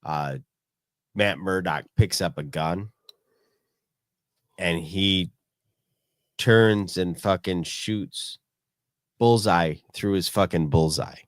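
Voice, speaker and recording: A man's voice: low-pitched, slow, long pauses, no echo, clean studio sound. A man co-hosting a podcast, laid-back and crude, often laughing and swearing. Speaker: podcast co-host. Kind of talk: casual crude podcast banter.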